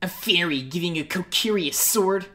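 A woman's voice: on the low side, moderate pace, sharp tone. A woman voicing a sneering, bratty older boy of the forest folk in a storybook reading. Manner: sneering, scoffing.

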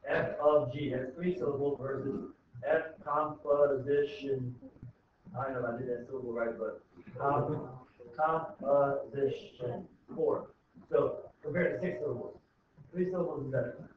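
A man teaching a high school math class, explaining step by step in an informal way and often checking in with "okay?". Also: slight background noise. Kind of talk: classroom lecture. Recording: echoey room, tinny far-off mic.

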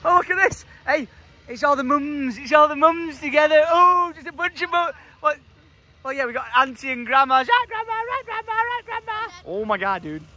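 A man's voice: very high-pitched, expressive, normal speed, pushed and bright. A young man, vlogging casually with family and joking around playfully. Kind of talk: casual vlog chat.

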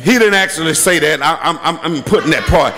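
A man preaching a sermon as bishop and pastor in a church, emphatic and repetitive, breaking into shouts. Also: fairly high pitch, animated, a little fast. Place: church sanctuary. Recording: long hall reverb from a church.

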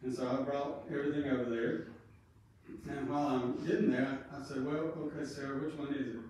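A man's voice: mid-range voice, flat delivery, brisk, a little mellow. Guy rambling through a funeral story, lots of ums, heard from across a big echoey room, faint hum behind. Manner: rambling, anecdotal, with frequent fillers. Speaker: funeral speaker. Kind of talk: folksy eulogy storytelling. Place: funeral home chapel. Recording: very echoey room, distant mic.

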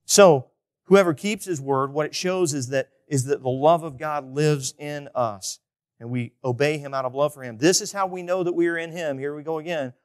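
A male pastor delivers a conversational sermon, frequently asking the congregation questions. He swings between loud emphasis and quiet asides, speaking at a normal speed in a fairly high voice.

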